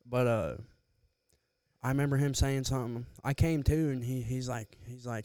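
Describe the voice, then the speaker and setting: A man's voice: medium pitch, expressive, moderate pace, long pauses, dark tone, no echo. Young man telling a rowdy story. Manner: loose, profane storytelling, laughs often. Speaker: podcast co-host. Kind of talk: casual storytelling chat.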